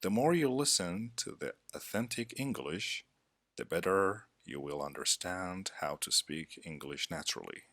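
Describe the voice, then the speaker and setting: A male teacher reads a scripted lesson in a very deep yet bright voice. His pitch moves in a lively way, and his delivery stays measured and deliberate. The sound is dry and close. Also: dry recording. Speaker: English teacher.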